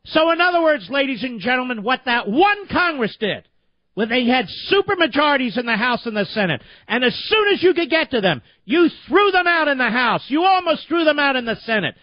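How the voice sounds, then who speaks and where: A man's voice: very high voice, sing-song, fairly quick, no room sound, muffled recording. A man hosting a talk radio show, delivering an indignant, emphatic political monologue full of repetition.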